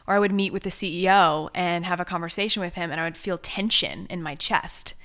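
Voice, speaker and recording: Brief: young adult woman, podcast guest, low-pitched, earnest and reflective, lively when quoting herself. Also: fairly quick. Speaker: author and coach, podcast guest. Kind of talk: conversational interview.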